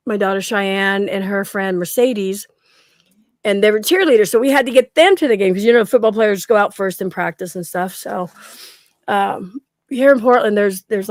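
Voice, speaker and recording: A woman's voice: medium pitch, no room sound, clean studio sound. A middle-aged woman telling a story in a casual chat at home, acting out the quoted lines and laughing often. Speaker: guest.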